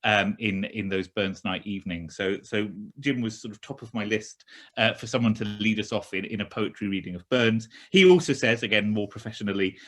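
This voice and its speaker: Male host, low voice, halting delivery full of ums, on a video call. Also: a bit bright. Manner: halting, many fillers and repeated words. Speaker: event host. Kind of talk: hesitant casual introduction.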